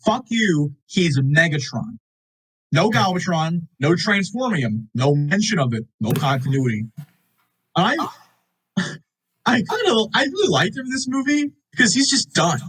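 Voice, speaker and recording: A young man co-hosting a movie review podcast, animated and sarcastic, swearing and acting out lines from the film. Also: high voice, a little slow, breathy edge, low-quality recording. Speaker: podcast co-host. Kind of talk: casual movie review chat. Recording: uneven audio in parts.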